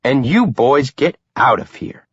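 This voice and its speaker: A man's voice: mid-range voice, sing-song, measured pace, creaky, a bit bright, slightly rough, no room sound, dull audio, voice pushed up, exaggerated voice. A man voicing a fussing, scolding middle-aged mother in an audiobook. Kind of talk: audiobook character voice.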